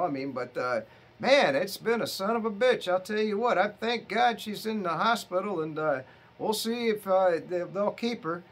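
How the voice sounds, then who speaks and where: A middle-aged man, a bit tipsy from drinking, rambles through a profane story for his viewers in a casual vlog monologue. His voice is high-pitched and a bit bright, with a breathy edge.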